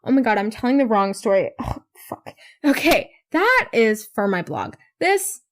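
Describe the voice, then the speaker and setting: A woman's voice: fairly high pitch, sing-song, moderate pace. A teenage girl hosting her own podcast, talking in a rambling, self-mocking way and swearing casually. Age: teens. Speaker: podcast host. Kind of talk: casual solo podcast chat.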